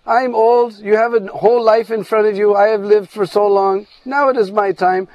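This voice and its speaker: A gentle, self-sacrificing old mother cow speaks in a storybook tale, put on by a male storyteller. Her voice is raised and patient. The recording is dry and close. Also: sits high, fairly even intonation, moderate pace, no room sound, dull audio, pitched above the performer's own voice, close to an everyday voice. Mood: tender.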